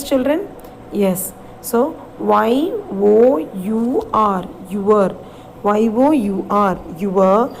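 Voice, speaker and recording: A woman's voice: on the high side, gravelly, a little mellow, a little hiss or hum, rough recording. A woman teacher with an Indian English accent, giving a recorded reading lesson to young children, spelling out words letter by letter and asking them questions. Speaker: primary school English teacher.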